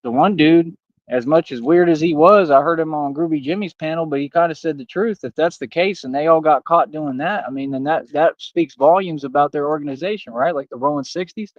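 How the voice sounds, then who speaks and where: Man, somewhat high voice, slangy direct-address stream rant, dry muffled lo-fi sound. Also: fairly quick, dry recording. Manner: street slang, repetitive, talks straight to viewers. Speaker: livestream host. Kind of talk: casual livestream rant.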